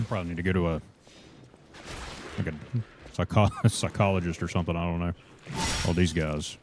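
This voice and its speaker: A man's voice: deep voice, moderate pace, gravelly, noisy background. A man chatting casually on a gameplay livestream, talking to viewers and calling them brothers. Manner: relaxed, chatty, reads chat and greets viewers as brothers.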